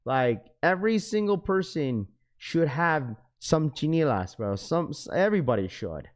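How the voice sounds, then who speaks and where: A man's voice: a little high, sing-song, measured pace. A young man hosting a live stream, chatting casually with viewers in a loose, rambling way. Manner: casual, addresses chat as bro, rambling. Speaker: livestream host.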